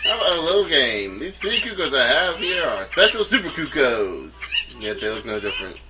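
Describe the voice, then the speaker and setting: A man's voice: medium pitch, sing-song, normal speed, heavy background noise, lightly acted. A man voicing a lazy, jovial middle-aged male ranch owner in a video game, with folksy country talk over game music.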